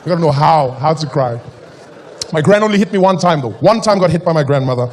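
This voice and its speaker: A man's voice: on the high side, expressive, quick pace, darkish tone. A young adult man doing stand-up comedy, telling his story animatedly and acting out voices and cries.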